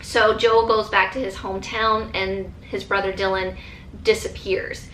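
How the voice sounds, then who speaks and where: Woman vlogger, casual and gushing, bright tone, roomy echo. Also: medium pitch, little pitch movement, a little slow, a little hiss or hum. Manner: enthusiastic, chatty, many fillers and restarts. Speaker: book vlogger. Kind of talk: casual chat.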